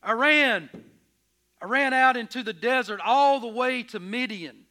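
A man playing Moses in a dramatic first-person sermon, telling his story with emphatic, expressive energy and stammering when anxious. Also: extremely high pitch, measured pace, heavily acted. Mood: earnest. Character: Moses, earnest, stubborn, curious shepherd. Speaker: preacher in character.

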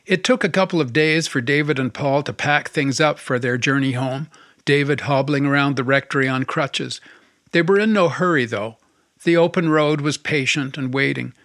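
A man narrating an audiobook in a calm, steady storytelling manner. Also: mid-range voice, dry recording, studio quality.

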